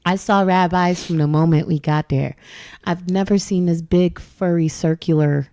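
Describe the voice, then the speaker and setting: A woman's voice: lowish voice, normal speed, clear, resonant tone. A woman co-hosting a podcast, telling a story in casual chat with lots of laughing and acted-out quotes. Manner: animated, laughing storyteller who acts out quotes. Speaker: podcast co-host.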